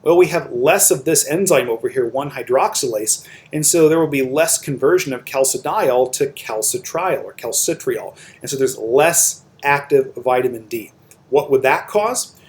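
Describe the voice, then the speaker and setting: Male lecturer, mid-pitched, voice-over lecture style, explains patiently in steps with tag questions. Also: moderate pace, darkish tone. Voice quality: explains step by step with tag questions like "right?" and "okay?". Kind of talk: recorded lecture over slides.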